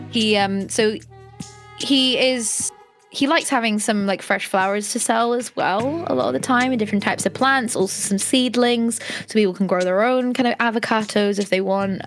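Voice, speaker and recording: A woman running a tabletop game, narrating in a casual, chatty way with lots of fillers and swearing. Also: medium pitch. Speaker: game master.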